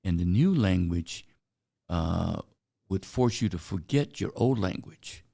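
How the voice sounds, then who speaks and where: An older man from China, whose first language is Chinese, speaks in a deep, gravelly voice as a guest in a casual interview. He tells anecdotes slowly and haltingly, with frequent "uh" pauses, in an animated, warm tone.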